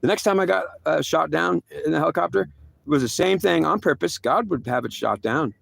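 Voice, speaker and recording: A man telling a rambling personal story in an excitable way, often jumping into high yelps. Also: a little fast, vocal fry, no echo.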